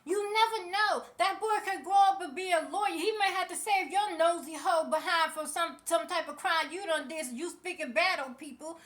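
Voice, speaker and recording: Very high-voiced sassy woman ranting. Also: moderate pace, hardly any pauses, fairly bright tone. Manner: passionate, sassy, speaks straight to people. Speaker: vlogger. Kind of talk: ranting celebrity commentary.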